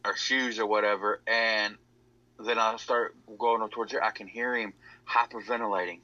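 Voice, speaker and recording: A man's voice: on the low side, steady tone, normal speed, bright, forceful tone, dry recording. A man telling a rambling story, repeating "he said" over and over. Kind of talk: casual storytelling. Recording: dull lo-fi audio.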